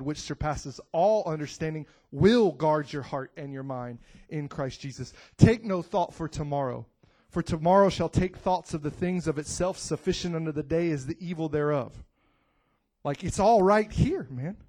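Man preaching, high voice, whoops and shouts, hushed then loud. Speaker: pastor. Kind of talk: sermon.

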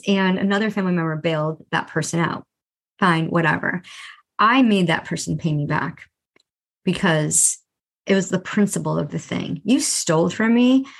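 A woman hosting a podcast, telling a personal story and acting out the dialogue with emphasis. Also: lowish voice. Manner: lively retelling with quoted dialogue. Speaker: podcast host.

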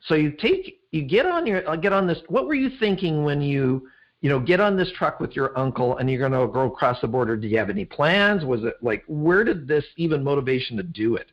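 A man's voice: a little high, big pitch swings, a little fast. A man hosting an interview, asking curious questions in a playful, chatty way. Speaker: host. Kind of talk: conversational interview. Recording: dull lo-fi audio.

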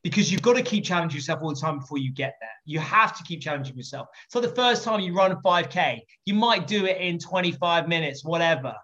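A man on a podcast telling stories in a lively, jokey manner, swearing and laughing easily. His voice is fairly high for a man. The recording sounds dull and a bit muffled. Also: quick pace, hardly any pauses. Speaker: podcast guest, entrepreneur. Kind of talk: animated anecdote telling.

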